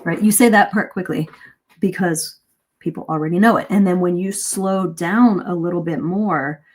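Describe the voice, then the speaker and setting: Middle-aged woman coach, low-ish voice, animated live-stream lesson. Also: normal speed. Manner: lively, varies pace and emphasis to demonstrate. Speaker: English speaking coach.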